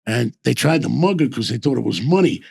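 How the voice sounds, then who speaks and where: The voice is mid-range and darkish, husky and gravelly, with lively intonation and a brisk pace. It belongs to an older man, a host and former bookmaker, telling meandering stories casually, often restarting and saying "I says."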